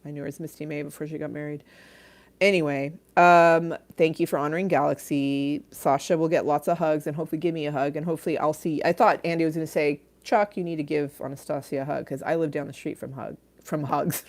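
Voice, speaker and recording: A woman's voice: deep voice, fairly even intonation, a little fast, a little mellow. A middle-aged woman hosting a casual livestream, reading viewer comments aloud, laughing often and trailing off mid-thought. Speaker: livestream host.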